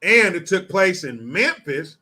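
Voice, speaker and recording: A man's voice: high voice, big pitch swings, a little slow, pushed and bright. A man reading news stories aloud and commenting on them in a blunt, profane, sardonic way. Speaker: commentary vlogger.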